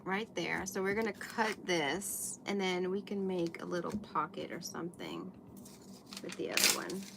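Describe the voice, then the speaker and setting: A woman's voice: lowish voice, moderate pace, creaky, background noise. A woman hosting a craft livestream, chatting with viewers while she works with paper and glue at her table. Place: indoors at a craft table under bright lights.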